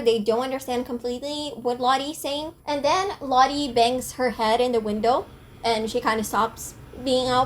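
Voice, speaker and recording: A young woman narrating a casual video essay, chatty with lots of "like" and self-conscious asides. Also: high-pitched. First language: not French. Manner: chatty, frequent "like", apologetic about pronunciation.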